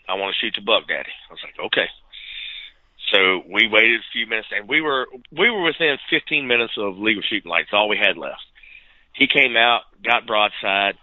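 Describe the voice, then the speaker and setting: A man co-hosting a podcast, telling a hunting story in a lively, animated way and acting out the dialogue. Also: medium pitch, dry recording, phone-quality sound. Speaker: podcast co-host. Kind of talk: casual storytelling.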